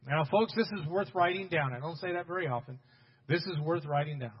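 A man preaching a sermon as pastor, talking straight to his congregation and building to loud, emphatic bursts. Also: fairly high pitch, fairly quick, long reverb tail, dull audio, a little hiss or hum.

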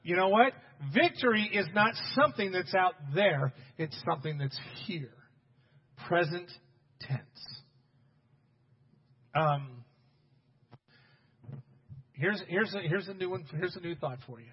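A man preaching a sermon as pastor, talking straight to his congregation and building to loud, emphatic bursts. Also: sits high, lively intonation, takes it slowly, pauses often, husky, in a large hall, highs cut off.

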